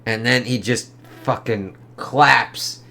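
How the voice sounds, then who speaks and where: A man casually reviewing a comic book in a profane, rambling, excitable way. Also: medium pitch, slow pace, gravelly.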